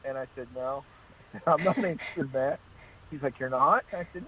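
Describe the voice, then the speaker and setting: A man's voice: a little high, brisk, slightly rough, dull audio. A male state trooper as a guest, chatting casually and telling anecdotes in which he acts out the exchanges. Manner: anecdotal, repeats "I said" in acted-out exchanges. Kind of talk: casual call-in storytelling.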